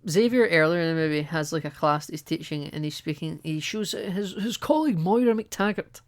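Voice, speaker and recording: A man's voice: on the high side, fairly quick. A man co-hosting a casual movie-review podcast, chatty and laughing often, acting out characters' lines as he talks. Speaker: podcast co-host.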